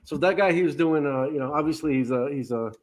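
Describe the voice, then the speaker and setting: An excitable man co-hosts a podcast in casual chat. He swears freely and talks in a fairly high voice. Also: fast. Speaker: podcast co-host.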